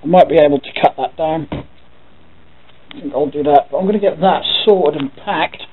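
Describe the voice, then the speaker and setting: Vlogging casually, this man from England thinks aloud as he talks to the camera, letting the odd swear word slip. He speaks at a normal pace in a slightly high, slightly rough voice, recorded with tinny, phone-like sound and a bit of faint noise.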